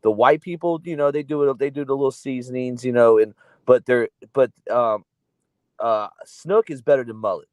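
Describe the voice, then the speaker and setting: A man's voice: mid-range voice, moderate pace, no echo. Rambling South Florida man on a dry mic. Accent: South Florida, between East Coast and Southern. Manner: rambling, profane, loose slang. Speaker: podcast co-host. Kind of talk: casual livestream chat.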